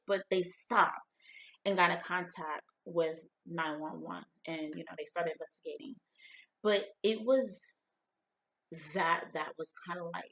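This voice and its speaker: A woman's voice: on the low side, rough recording. A middle-aged woman giving a heartfelt, emotional personal testimony, talking loosely with lots of "like" and "you know". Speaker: founder of a women's empowerment group.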